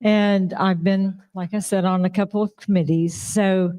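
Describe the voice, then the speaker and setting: A woman's voice: medium pitch, fairly even intonation, measured pace, mellow. A woman giving an informal, rambling speech at an awards ceremony, repeating herself as she praises a colleague. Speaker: award presenter. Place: live awards event.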